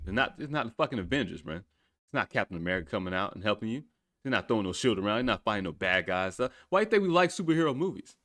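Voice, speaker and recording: A man hosts his own podcast alone, holding forth on the news in a loose, profane rant. His pitch swings up and down all the time, and he keeps laughing at his own remarks. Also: fairly bright tone. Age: adult with children. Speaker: podcast host. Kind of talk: solo opinion podcast rant.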